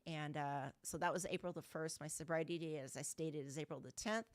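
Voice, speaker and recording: A middle-aged woman from Southern California tells her recovery story to an online meeting. Her voice sits low, and she speaks candidly and bluntly, with casual swearing. The sound is dry and close, with no room echo. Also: fairly even intonation, brisk. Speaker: guest speaker. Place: online video call meeting.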